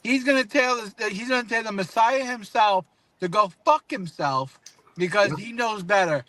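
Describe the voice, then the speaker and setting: A man's voice: high voice, moderate pace, pushed and bright. A man calling in who rants crudely and emphatically, repeating his phrases. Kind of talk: heated live-stream debate.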